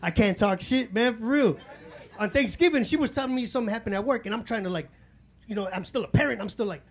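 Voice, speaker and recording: A man's voice: sits high, quick pace, slight background noise. Profane loose-talking man doing stand-up. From Chicago. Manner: loose, profane street talk with lots of fillers. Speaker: stand-up comedian. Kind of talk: stand-up comedy set. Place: comedy club stage.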